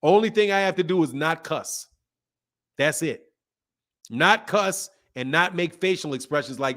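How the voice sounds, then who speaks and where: High-voiced, heated boxing stream host. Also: male voice, expressive, unhurried. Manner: sarcastic, heated, swings from mock pleading to loud outbursts. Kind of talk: live-stream commentary and rant.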